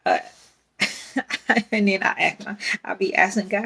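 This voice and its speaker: A woman's voice: mid-range voice, animated, measured pace, pauses often, a bit bright, breathy edge. A young adult woman, hosting a casual faith podcast in a rambling, candid way and laughing often. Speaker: podcast host.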